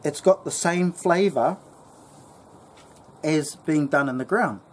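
A man's voice: a little high, slow pace. A man with a New Zealand accent voicing his stubborn uncle in his sixties, who is incredulous and insists on his point, repeating himself. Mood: insistent. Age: 60s. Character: stubborn old uncle, lifelong pit cook.

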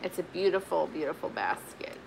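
Showing off vintage finds in a casual haul video, this reseller rambles chattily with many fillers and restarts, feeling sweaty and warm. She has a fairly low, gravelly, very animated voice at a moderate pace, with background noise.

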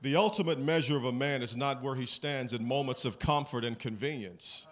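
A man's voice: mid-range voice, a little fast, fairly bright tone. A man preaching a sermon as pastor, talking plainly and asking the congregation questions. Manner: conversational, asks the congregation questions.

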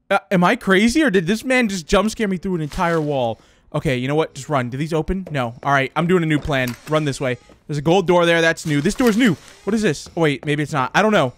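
A young man commentating a horror game for his channel, jumpy and excitable, dropping to hushed whispers and breaking into panicked yelps. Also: fairly high pitch, fairly quick, slight background noise. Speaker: gaming YouTuber.

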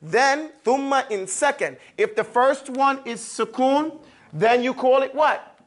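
A man with a fairly high voice teaches a classroom lesson on Quran recitation, drilling each sound slowly and repeating it several times, and often pausing to make sure his listeners are following.

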